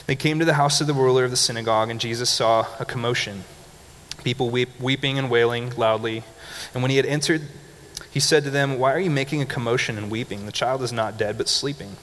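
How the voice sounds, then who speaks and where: Young male preacher, mid-pitched, casual and animated, laughs a lot, echoey hall. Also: a little fast. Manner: animated and conversational, laughing often, leading call-and-response. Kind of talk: sermon. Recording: reverberant hall with faint background noise.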